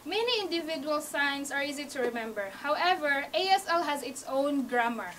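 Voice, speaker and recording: A high-pitched woman with a Hawaii accent gives an encouraging classroom speech, talking her listeners through each step. She is picked up by a camera across the room, set somewhat back from the mic, with a faint hiss underneath. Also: animated, moderate pace, a bit bright, recorded from a distance, rough recording. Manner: non-native phrasing, small grammar slips. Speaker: student speaker teaching sign language basics. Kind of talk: classroom speech to a small audience. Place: university media room. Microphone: camcorder from across the room.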